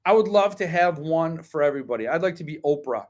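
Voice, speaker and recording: This is a man with a slightly high-pitched voice, hosting a casual live stream about books. He chats loosely, full of ums and side remarks. He readily slides into opinionated, wryly grumpy rants. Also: animated, fast. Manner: opinionated, wry grumbling rants; chatty, digresses with ums and asides. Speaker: host.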